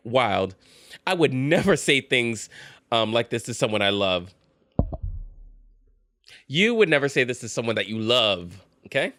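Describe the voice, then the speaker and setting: A man hosting a show reacting to relationship posts, talking casually with sass and high-pitched bursts of laughter. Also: measured pace, pauses often, no echo, studio quality. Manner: animated, sassy, bursts into high-pitched laughter and mocking voices. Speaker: host reacting to reddit posts. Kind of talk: casual commentary.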